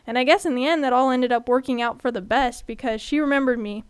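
A woman's voice: high voice, fast, clear, resonant tone, dry recording, clean studio sound. A young woman in her twenties from California hosting a student podcast, telling personal stories in a candid, chatty way. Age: 20s. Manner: chatty, candid, animated when retelling.

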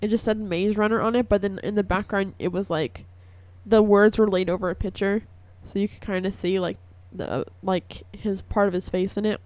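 A young woman hosts a college radio show, chatting in a gushing, filler-heavy way. Her voice is hoarse from a lingering cough. The sound is dry and close, with no room around it. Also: mid-range voice, steady tone, normal speed, few pauses, darkish tone, dry recording. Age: young adult. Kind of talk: casual radio chat. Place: radio studio.

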